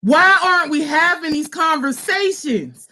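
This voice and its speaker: Woman in her thirties, high voice, bright and forceful tone, impassioned, blunt, profane. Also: animated, a little slow. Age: 30s. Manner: raw, emphatic, profane, fervent. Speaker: social worker and host. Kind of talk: impassioned personal talk.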